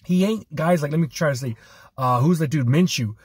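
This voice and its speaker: A man hosting a fan podcast, talking in a relaxed, conversational way and swearing casually. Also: fairly high pitch, brisk, breathy edge, dry recording. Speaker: podcast host. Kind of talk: casual chat.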